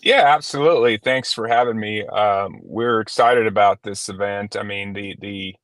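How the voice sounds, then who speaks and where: A man with a lowish voice speaks as a guest on a live show, answering in an easygoing way with a few hesitant fillers. The sound is dry and close. He talks in a relaxed, plain manner. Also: normal speed, no room sound. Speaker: guest, kayak company representative. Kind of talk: casual interview answers.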